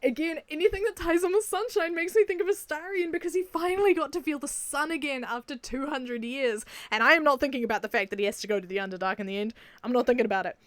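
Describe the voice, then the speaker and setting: Young new zealand woman, high voice, excitable gushing chatter, dry close sound. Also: fast, no room sound. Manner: excitable, laughs often, gushing. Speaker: video creator. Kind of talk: casual enthusiastic video commentary.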